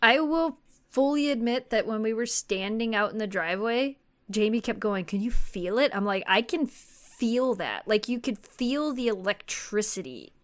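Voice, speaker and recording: Higher-voiced woman telling rambling anecdotes. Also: expressive, normal speed. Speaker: podcast co-host. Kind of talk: casual chat.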